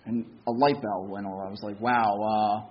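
A man's voice: lowish voice, steady tone, brisk, dull audio, a little hiss or hum. A man giving a personal recovery testimony, candid and self-mocking, acting out what others said to him. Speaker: speaker sharing his recovery story.

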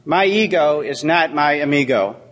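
A middle-aged man shares his recovery story at a meeting, sincere and wry by turns. His voice sits a little high. A long hall reverb trails each phrase. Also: expressive, normal speed, fairly bright tone, lo-fi sound. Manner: storytelling, heartfelt with dry humor. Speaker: AA speaker. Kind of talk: recovery talk.

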